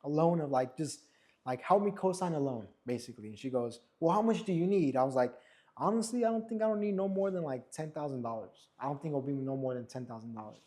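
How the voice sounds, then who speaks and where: A man's voice: medium pitch, fast. A young man telling a story in a barbershop, casually, and acting out what others said. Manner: animated, acts out quotes of others. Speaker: barber and podcast co-host.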